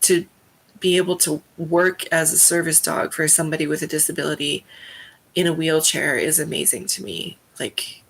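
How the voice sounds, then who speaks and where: Gravelly woman chatting casually. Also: low-pitched, steady tone, moderate pace, a bit bright. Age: 30s. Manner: rambling and heartfelt, with many fillers. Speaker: live stream host. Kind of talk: casual chat.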